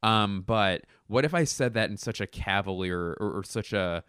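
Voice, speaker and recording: A man's voice: on the low side, moderate pace, a bit bright, clear, resonant tone, no room sound, studio quality. A man hosting a solo podcast from home, rambling, jokey and self-deprecating into a podcast microphone. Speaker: podcast host. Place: home room.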